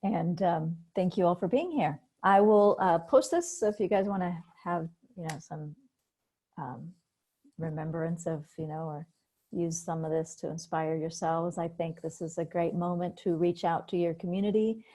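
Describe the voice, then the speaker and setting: A woman's voice: on the low side, normal speed, warm tone. Woman hypnotherapist hosting a video call. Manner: explains techniques, acts out panicky voices. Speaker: hypnotherapist hosting a group meeting. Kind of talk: casual group discussion on a video call.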